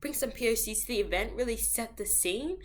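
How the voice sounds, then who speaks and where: A woman's voice: a little high, animated, brisk, slight background noise. A young adult woman vlogging in a casual, rambling monologue, full of playful slangy asides and self-interruptions. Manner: rambling, self-interrupting, jumps between topics.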